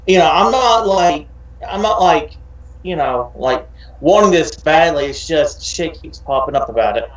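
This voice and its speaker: A man's voice: on the high side, animated, measured pace. A man co-hosting a wrestling podcast, speaking hesitantly with many fillers in casual chat. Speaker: podcast co-host. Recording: roomy, distant, dull audio.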